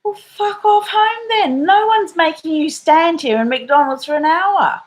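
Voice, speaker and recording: A woman voicing a fed-up young woman with an Australian accent who tells off a rude crowd, high and brash and swearing. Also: a little slow, poor audio. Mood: scolding.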